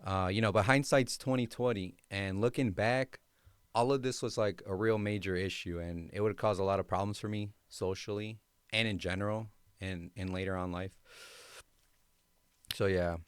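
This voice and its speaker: Laid-back young man, low smooth voice. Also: fairly even intonation, normal speed, no room sound. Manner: laid-back, slangy, many fillers. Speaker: podcast host. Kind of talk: casual personal storytelling.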